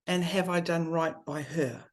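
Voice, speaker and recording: Woman, lower voice, heartfelt candid talk, quickens when listing. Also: steady tone. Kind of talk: candid conversation about grief.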